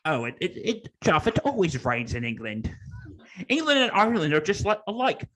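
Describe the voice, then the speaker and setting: A man hosting a sports podcast, chatting casually in an animated, jokey way. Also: high-pitched, moderate pace. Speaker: podcast host.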